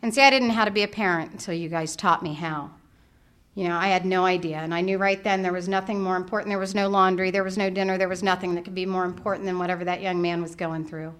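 A woman's voice: on the low side, fast talker. A middle-aged woman speaking at a recovery workshop, telling a story with humour and acting out her own thoughts. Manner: animated, humorous, acts out her own thoughts.

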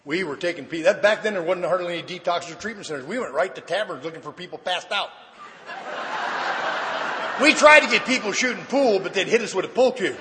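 An older man giving a personal testimony at a recovery convention, telling his story with shouted punchlines and sudden quiet drops. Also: sits high, animated, fairly quick, slight background noise. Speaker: recovery meeting speaker. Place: large convention hall. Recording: reverberant hall recording with faint ambience.

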